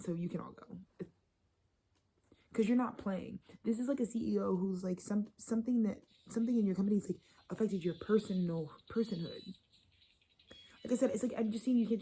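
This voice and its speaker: A woman's voice: mid-range voice, dark tone, a little hiss or hum, low-quality recording. A woman giving a casual tarot reading, blunt and profane, rambling and sometimes dropping into a whisper. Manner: drops into whispers. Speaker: tarot reader.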